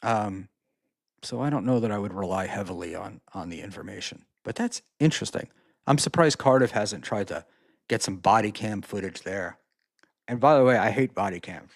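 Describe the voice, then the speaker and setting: A man's voice: on the low side, normal speed, creaky, dry recording, clean studio sound. A man hosting a casual solo livestream, reading out chat messages and reacting in a rambling, profane way with lots of fillers.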